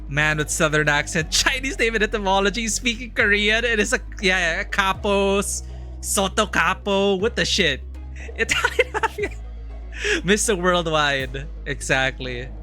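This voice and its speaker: A man's voice: sits high, big pitch swings, a little slow, sharp tone, soft background music. A man streaming a game, chatting casually with his viewers and reading the game text aloud. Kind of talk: casual live-stream commentary.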